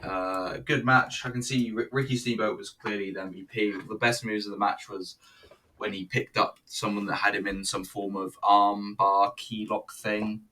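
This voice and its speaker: A man's voice: fairly low pitch, level tone, moderate pace, pushed and bright, slight background noise. A man reviewing a wrestling show in casual, rambling commentary, blunt and sweary. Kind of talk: casual commentary over footage.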